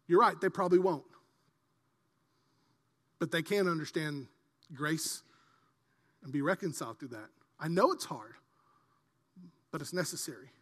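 Impassioned pastor preaching in a reverberant church. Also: male voice, fairly high pitch, normal speed, long pauses. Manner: swings from quiet earnest asides to loud impassioned preaching. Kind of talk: sermon. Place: large church hall.

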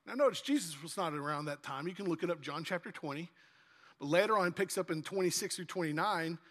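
Pastor guy giving a sermon, high bright voice, acts out little scenes, echoey church hall. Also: fast. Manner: animated, acts out dialogue in lively asides.

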